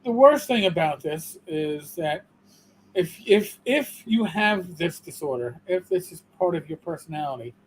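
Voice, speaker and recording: A man's voice: fairly high pitch, animated, unhurried, slight background noise, low-quality recording. A man with a New York accent co-hosting a livestream, talking emphatically and restarting his words. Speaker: co-host. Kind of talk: casual livestream discussion.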